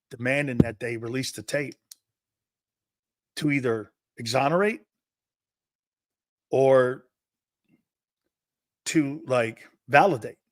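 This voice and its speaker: A man's voice: mid-range voice, no room sound, clean studio sound. A brash middle-aged man hosting a sports talk show, ranting in rhetorical questions and laughing often.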